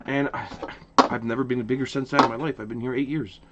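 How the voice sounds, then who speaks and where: A man's voice: mid-range voice, quick pace, highs cut off, a little hiss or hum. A man from Ottawa, Canada, hosting a casual opinion rant to camera, passionate, with lots of repeated restarts. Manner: passionate, repetitive restarts, animated. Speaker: hockey channel host.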